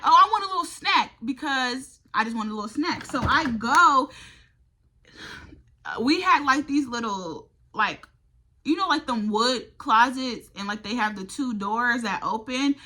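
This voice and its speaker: A young adult woman vlogger tells a college storytime, casual, profane and exasperated. Her voice is a little high with a sharp tone.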